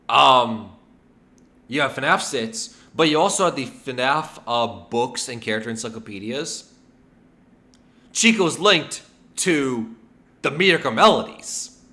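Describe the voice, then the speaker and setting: A man hosting a casual video game lore video, animated and full of rhetorical questions and filler ums. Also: medium pitch. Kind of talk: casual lore theorizing to camera.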